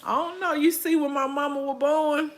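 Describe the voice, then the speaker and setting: Her voice is high and steady and her pace moderate: a livestream host in her forties running a casual stream. She chats in a folksy manner, reads out viewer comments, and laughs a lot.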